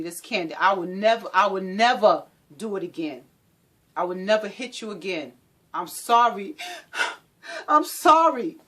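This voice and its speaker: A woman acting out a controlling, abusive male partner who swings between sweet talk and menace, pleading and shouting in a repetitive way. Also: mid-range voice. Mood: agitated.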